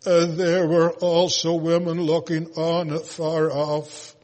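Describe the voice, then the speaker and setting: Slow-intoning man in a reverberant hall. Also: on the high side, monotone, darkish tone. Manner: slow, intoned, almost chanted delivery with occasional filler pauses. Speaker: scripture reader. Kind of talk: solemn scripture reading.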